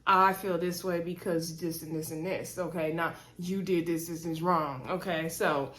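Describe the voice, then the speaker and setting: A woman's voice: fairly even intonation, normal speed, a bit bright. A woman giving a casual, chatty recap of a reality show, colloquial and conversational, adding little asides to her listeners. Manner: retells scenes, mimicking cast members in higher pitch; chatty, colloquial, sprinkles "okay?" and "girl".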